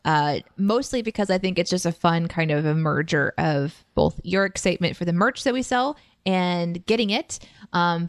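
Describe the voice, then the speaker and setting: A woman's voice: on the low side, no room sound, studio quality. Chatty, joking woman podcast co-host. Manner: chatty, joking, laughs easily. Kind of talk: casual chat.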